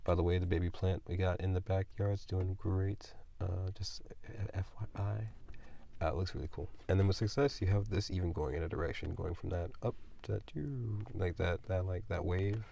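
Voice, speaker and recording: A man's voice: sits low, normal speed, creaky, dark tone. A man doing a casual tarot reading, rambling and thinking aloud with lots of fillers. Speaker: tarot reader.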